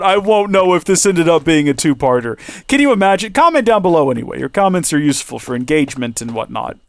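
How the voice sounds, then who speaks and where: A man hosting a gaming channel rambles and jokes with viewers in chatty let's-play commentary as his voice begins to give out. His voice is on the high side, and the recording is dry.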